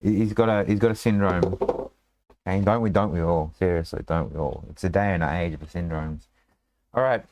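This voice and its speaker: A man's voice: low voice, fairly even intonation, a little fast, darkish tone, a little hiss or hum. A man running a tabletop game as game master, in a rambling, casual way full of fillers and restarts.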